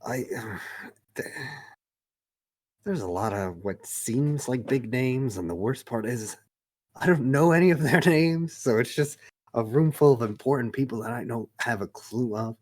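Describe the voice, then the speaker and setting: A man's voice: mid-range voice, expressive, a little slow, dry recording. A man playing in a casual tabletop game, describing his character's actions hesitantly with many fillers. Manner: hesitant, filler-heavy, laughs mid-sentence. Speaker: player. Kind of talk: casual tabletop role-play.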